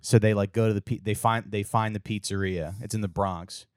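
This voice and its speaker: Low-voiced rambling man, dry sound. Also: fairly even intonation, brisk, no room sound. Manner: rambling storyteller, many fillers and restarts; acts out character lines in raised voices. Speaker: podcast co-host. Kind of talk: casual chat.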